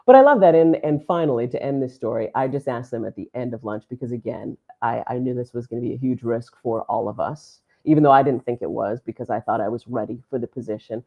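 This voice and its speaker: A woman's voice: a bass voice, quick pace, hardly any pauses, phone-quality sound. A woman sports announcer in a podcast interview, telling a story with feeling and acting out the dialogue of the people in it. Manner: animated storyteller who acts out quoted dialogue. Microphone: podcast microphone.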